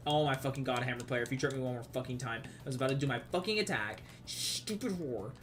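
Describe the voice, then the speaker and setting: A man's voice: medium pitch, rapid-fire, a bit bright. Profane Southern man streaming games. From Southern United States. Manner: profane, laughing, rambling. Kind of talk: casual gaming stream chat.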